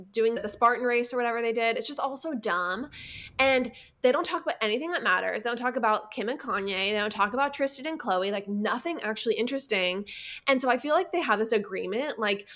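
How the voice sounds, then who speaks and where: A woman's voice: a little high, expressive, a little fast, a bit bright. A woman co-hosting a podcast in casual chat, blunt and opinionated, rambling as she goes.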